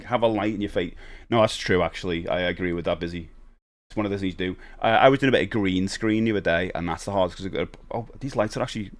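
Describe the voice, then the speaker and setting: Chatty man live-streaming. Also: medium pitch. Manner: chatty, rambling, reads chat aloud. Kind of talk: casual live-stream chat.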